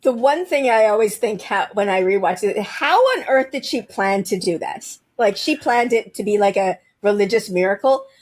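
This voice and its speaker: A woman's voice: mid-range voice, expressive, normal speed, hardly any pauses. A woman co-hosting a podcast, speaking hesitantly with many fillers in casual chat. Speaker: podcast co-host.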